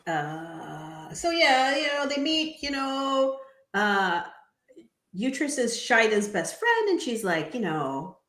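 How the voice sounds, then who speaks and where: A woman's voice: fairly high pitch, big pitch swings, takes it slowly, a bit bright, roomy sound. A woman co-hosting a casual recap chat, retelling scenes and acting out quotes. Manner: chatty, acts out quotes, laughs often. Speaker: co-host.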